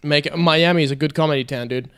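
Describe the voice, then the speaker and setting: Excitable, clear-voiced man. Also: a little high, quick pace. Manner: profane, excitable. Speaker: podcast co-host. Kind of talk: casual comedy podcast chat.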